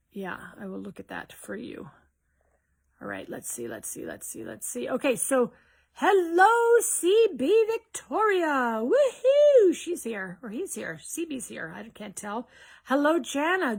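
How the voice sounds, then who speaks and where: A woman with a high-leaning, gravelly voice and a breathy edge hosts a live question-and-answer stream. She welcomes viewers with cheers and chats casually, often rambling and starting over.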